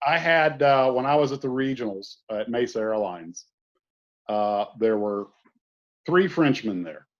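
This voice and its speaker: A man's voice: medium pitch, lively intonation, unhurried. Folksy man on a lo-fi call. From southern US. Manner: rambling storyteller, folksy asides. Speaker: guest. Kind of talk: casual conversation.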